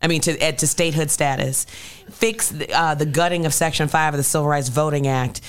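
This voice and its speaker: A woman with a notably low voice talks politics as a guest, emphatic and rallying. She is from Illinois and presses her points hard, repeating lines for effect. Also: fairly even intonation, brisk, clean tone. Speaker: state senator guest. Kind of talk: political chat.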